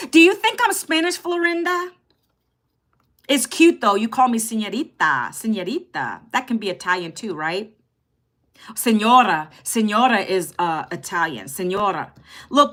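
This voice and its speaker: Bright-voiced chatty woman in her fifties. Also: a little high. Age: 50s. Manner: chatty, talks straight to viewers and reads out their comments. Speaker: live-stream host. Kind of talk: casual live-stream chat.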